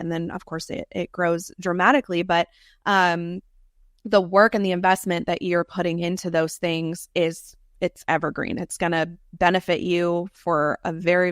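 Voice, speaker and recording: A woman's voice: fairly low pitch, fairly bright tone, dry recording, studio quality. A woman talking as a podcast guest about marketing, enthusiastic in casual chat and often repeating her words. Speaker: guest, social media marketer.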